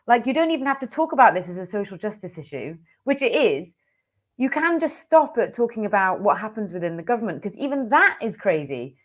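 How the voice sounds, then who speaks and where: Emphatic woman in chat. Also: a little high. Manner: quick, emphatic, conversational with fillers. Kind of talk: casual political chat.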